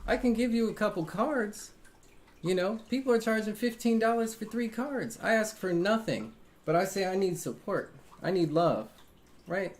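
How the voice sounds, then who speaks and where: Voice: mid-range voice, expressive, normal speed. Tarot reader on a live stream, casual talk, earnest, defensive, repeats phrases for emphasis, mid-range voice. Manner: frequent fillers like "right?" and "man".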